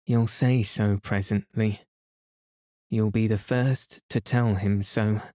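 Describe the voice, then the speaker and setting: A man reading the part of a kind young wife who speaks gently and reassuringly. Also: on the low side, fairly even intonation, slow pace, no room sound, studio quality.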